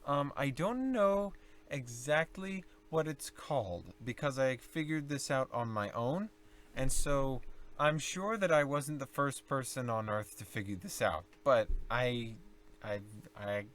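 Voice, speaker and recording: A young man explaining low singing techniques in a casual tutorial, rambling and self-correcting as he demonstrates growls and vocal fry. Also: expressive, a little slow, fairly bright tone. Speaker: singing teacher.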